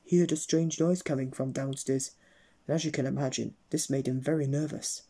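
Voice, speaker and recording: A man's voice: medium pitch, fairly even intonation, a little fast, warm tone, husky. A man reading a children's story aloud in a playful storytelling manner. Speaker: storybook reader.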